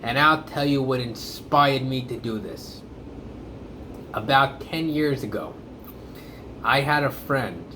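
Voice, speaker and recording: A man's voice: medium pitch, a bit bright, slight background noise. A man telling a story and giving blunt, emphatic opinions in a monologue to camera. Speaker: comedic commentator.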